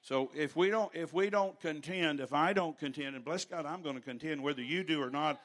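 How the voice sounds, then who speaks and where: An older man preaching a sermon in a church, telling stories with rambling asides and rising to loud preaching at times. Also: on the high side, a little fast, few pauses.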